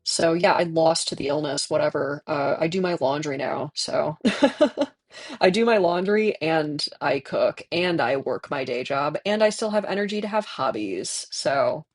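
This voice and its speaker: A streamer in their twenties, hoarse from tonsillitis, chatting candidly with viewers and laughing often while playing a game. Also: medium pitch, expressive, unhurried, no echo. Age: 20s. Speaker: livestreamer reading chat.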